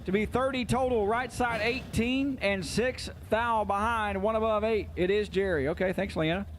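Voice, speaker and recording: Man, race announcer, high-pitched, quick jokey calls, outdoor track, faint background noise. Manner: rapid-fire jokey announcing. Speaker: drag racing announcer. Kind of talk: live race commentary over PA. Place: outdoor racetrack.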